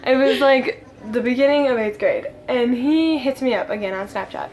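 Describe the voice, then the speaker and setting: A woman's voice: high-pitched, normal speed, a little mellow, slight background noise. Giggly teen girl rambling a story. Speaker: vlogger. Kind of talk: casual storytime.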